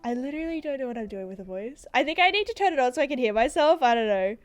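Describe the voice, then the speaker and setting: A young woman with an Australian accent chats through a video game, joking at her own expense and laughing often. Her voice is high and lively, jumping around in pitch, recorded dry and close on a desk mic. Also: rapid-fire, few pauses, no echo. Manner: chatty, self-deprecating, laughs often. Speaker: gaming YouTuber. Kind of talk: casual gameplay commentary. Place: apartment room. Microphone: desk microphone.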